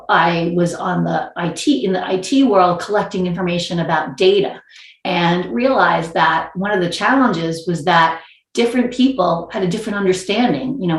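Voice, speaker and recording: New york lady on a panel call, lowish voice, kinda echoey room, lots of restarts. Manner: thoughtful, wordy, many restarts. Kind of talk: panel discussion.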